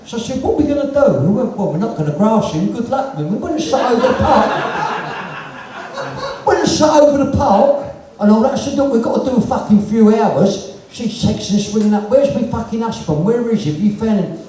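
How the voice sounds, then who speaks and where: A man's voice: extremely high pitch, lively intonation, fairly quick, dark tone. A man with a London accent telling earthy, swear-filled stories on stage, acting out the dialogue himself. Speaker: punk musician guest. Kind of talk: live on-stage storytelling chat. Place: live music venue with audience. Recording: echoey venue from far off.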